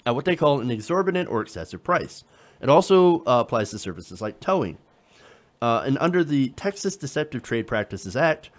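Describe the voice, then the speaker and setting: A man hosting casual political commentary, talking conversationally with sarcasm and frequent fillers. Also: fairly high pitch.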